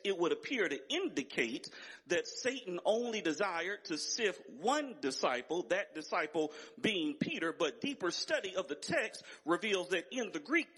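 A man's voice: high-pitched, a bit bright, husky. A man preaching a sermon as pastor, emphatic and building in intensity, with repeated phrases.

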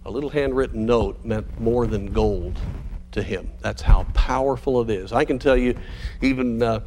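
Earnest preaching man, measured delivery. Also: mid-range voice, a little mellow, a little hiss or hum. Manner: earnest, measured preaching with slowed emphatic phrases. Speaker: pastor. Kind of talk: sermon.

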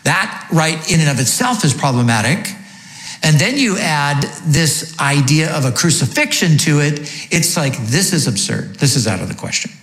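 A man's voice: fairly high pitch, sing-song, moderate pace, a bit bright. Man preaching in an echoey room. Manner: teaching, posing questions then answering them. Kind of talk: sermon.

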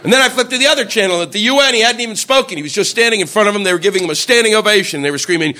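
Male stand-up comic, high bright voice, very lively delivery, slight noise. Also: racing. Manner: animated storytelling with shouted impressions. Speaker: stand-up comedian. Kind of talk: stand-up comedy routine.

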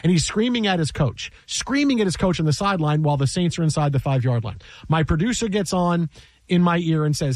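Animated higher-voiced man telling a story. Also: fairly quick, no room sound. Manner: exasperated, repeats himself, acts out quotes. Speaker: sports broadcaster telling a story.

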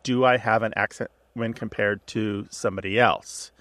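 A man hosting a call-in radio show, explaining to a caller in a relaxed, chatty way with little asides. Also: lowish voice, moderate pace. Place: radio studio.

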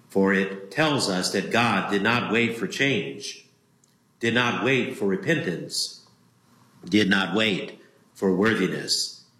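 A man preaching a sermon as a pastor, slow and emphatic, leaning on single words with long pauses. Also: lowish voice, sharp tone, reverberant, rough recording.

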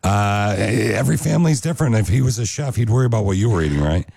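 A man's voice: on the low side, animated, quick pace, vocal fry, a little mellow. A man hosting a radio show, teasing his co-hosts and callers in casual banter. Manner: teasing, joking, mock-emotional.

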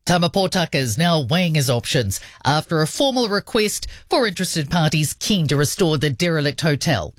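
A woman reading the radio news headlines in a crisp, expressive way. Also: deep voice, a little fast, few pauses, dry recording, studio quality. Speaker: newsreader.

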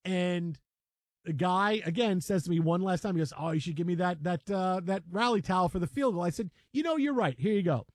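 Animated sports radio host, higher voice. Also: male voice, fairly quick, no echo, clean studio sound. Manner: animated storytelling, acts out shouting fans. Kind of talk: casual sports radio chat. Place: radio studio.

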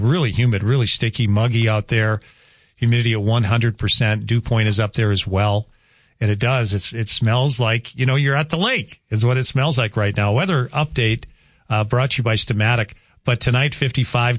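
A chatty male radio host, rambling through weather and banter with animated asides. His voice sits at an ordinary middle pitch. It is recorded close and dry on a studio microphone. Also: no room sound. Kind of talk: casual morning radio chat.

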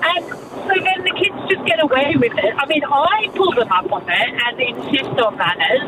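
Aussie woman on the phone, indignant, high voice, far off with noisy background. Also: expressive, normal speed. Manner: indignant, says "like" a lot. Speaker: caller, nanny. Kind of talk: phone-in chat.

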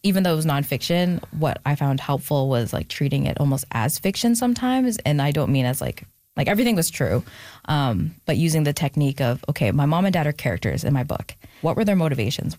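A woman's voice: deep voice, darkish tone, dry recording, clean studio sound. A young adult woman speaking as an interview guest, reflective and thoughtful, with many fillers and moments of emotion. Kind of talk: casual interview conversation.

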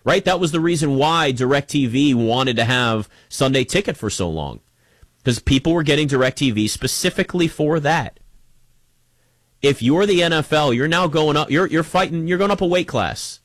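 A man hosting a sports talk show, giving a casual opinion monologue in an emphatic, animated way and speaking straight to the listener. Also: fairly high pitch, normal speed, no echo. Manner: conversational, emphatic, animated, addresses listener directly.

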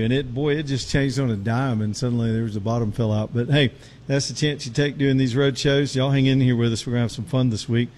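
A man's voice: mid-range voice, steady tone, fast talker, darkish tone. A middle-aged man, hosting a talk show on location, chatting in a folksy, rambling way while out of breath. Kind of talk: casual talk radio chat with live ad reads. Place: outdoors on a road show.

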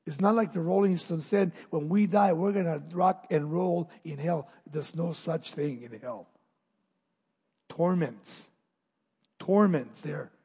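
Man preaching a sermon, high-pitched and dramatic, in a reverberant hall. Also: slow, breathy edge. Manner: dramatic, swings from loud emphatic reading to hushed asides. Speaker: pastor.

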